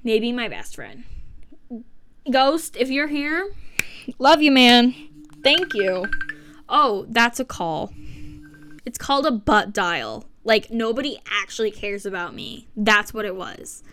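A woman's voice: a little high, big pitch swings, unhurried, fairly bright tone, a little hiss or hum. A seventeen-year-old girl hosting her first podcast from her living room, rambling and self-mocking with sarcastic asides and swearing. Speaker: podcast host. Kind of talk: casual solo podcast chat.

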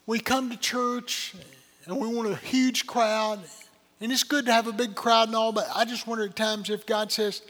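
An older pastor preaches in a folksy, earnest way, telling stories from the pulpit. His voice sits high for a man. It rings out through a reverberant church sanctuary. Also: level tone, moderate pace, fairly bright tone. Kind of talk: sermon. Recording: long hall reverb.

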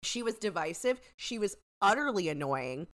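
Casual podcast co-host, woman, rambly and chatty, very animated pitch. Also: normal speed. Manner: chatty, trailing off with frequent "like" and "you know". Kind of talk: casual chat.

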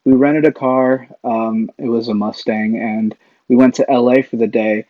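A man appears as a podcast guest, telling stories casually and ramblingly, with plenty of fillers and restarts. His mid-range voice has fairly even intonation at a normal speed, and the sound is dry, dull, and lo-fi.

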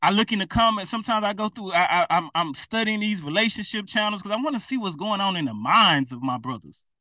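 Preacher, male, direct and repetitive, bright tone, sits back from the mic. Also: sits high, lively intonation, quick pace, no room sound, far from the mic. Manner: colloquial, repetitive, direct address. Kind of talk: informal preaching to camera.

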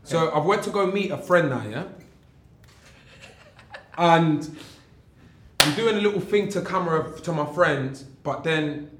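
A man's voice: fairly high pitch, unhurried, long pauses, background noise. A young man, a guest animatedly telling a story in casual chat, full of slang and repeats. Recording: echoey room.

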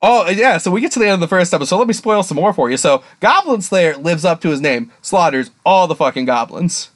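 A man co-hosting a podcast in a lively, swooping voice that sits a bit high for a man. He talks casually and curses freely, acting out characters' lines as he recaps. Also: a little fast. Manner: animated, profane, acts out characters' lines. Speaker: podcast co-host.

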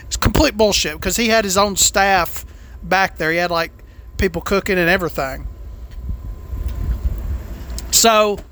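A man's voice: sits high, unhurried, long pauses, bright, forceful tone. A man telling a heated, crude, profanity-filled story about bad service as a food vlogger.

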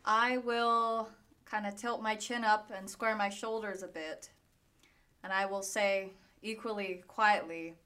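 A woman playing a tabletop role-playing game, speaking calmly and soothingly. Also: mid-range voice, a little slow. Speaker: player.

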